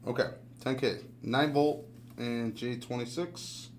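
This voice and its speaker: A man's voice: mid-range voice, fairly even intonation, slow pace, a little hiss or hum. A man at a hobby workbench, thinking aloud and swearing freely as he questions how a circuit works. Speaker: hobbyist learning electronics. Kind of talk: casual chat. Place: hackerspace workshop.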